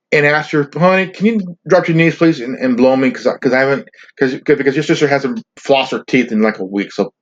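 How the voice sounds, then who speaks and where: A man's voice: mid-range voice, highs cut off. A man hosting a podcast in a crude, rambling monologue, swearing, ranting and stumbling over his words. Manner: profane, ranting, stumbling restarts. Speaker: podcast host.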